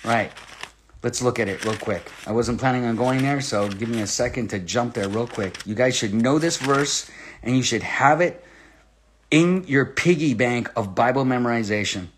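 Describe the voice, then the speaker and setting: A man giving sermon-style Bible teaching, reading scripture aloud with slow stress and firing rhetorical questions at his listeners. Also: medium pitch, slight background noise.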